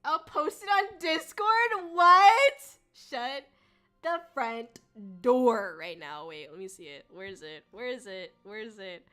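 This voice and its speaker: A woman's voice: medium pitch, big pitch swings, measured pace, fairly bright tone, clear, resonant tone. A woman streaming as a VTuber, chatting casually in a rambling way, swearing and laughing often. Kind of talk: casual livestream chat.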